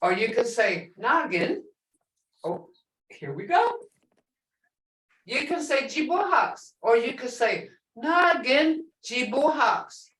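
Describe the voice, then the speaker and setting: A woman teaching a language class, repeating words slowly and prompting her students to say them back. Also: high voice, very animated, a bit bright, a little hiss or hum. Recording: echoey room, mic at a distance.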